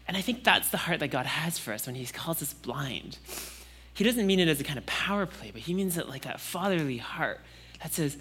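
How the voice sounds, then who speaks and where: A young man preaching a Sunday sermon in a relaxed, conversational way, with casual fillers and restarts. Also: fairly high pitch, a little fast, slight background noise.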